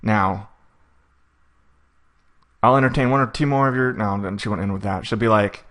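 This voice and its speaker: Fast-talking man coaching for court. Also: lowish voice, fairly bright tone. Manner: fast-talking, self-admittedly rushed; acts out judge and defendant lines in quick asides. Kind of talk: coaching session recap.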